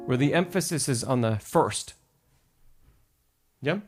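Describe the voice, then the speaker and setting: Piano music plays behind a medium-pitched man speaking at normal speed. Teaching piano on a live stream, he encourages his student and sings brief phrases to demonstrate how they should go.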